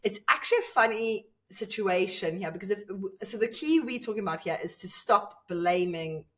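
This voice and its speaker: A woman co-hosts a podcast, thoughtfully building examples and laughing easily along the way. Her voice sits at a middle pitch. She sounds a little away from the microphone. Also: normal speed, a bit bright, far from the mic. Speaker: podcast co-host. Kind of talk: casual podcast chat.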